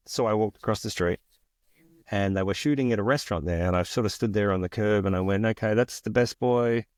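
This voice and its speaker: An Australian man in his forties telling stories from his career in a lively, chatty way, acting out the people he quotes. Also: fairly low pitch, fast talker, no echo. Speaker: guest. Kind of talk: casual storytelling interview.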